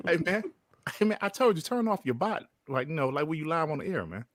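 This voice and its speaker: A man's voice: a little high, very animated, fast talker, a bit bright, no echo. Slangy podcast host man, dry sound. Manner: slangy, laughs often, many fillers. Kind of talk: casual gaming podcast chat.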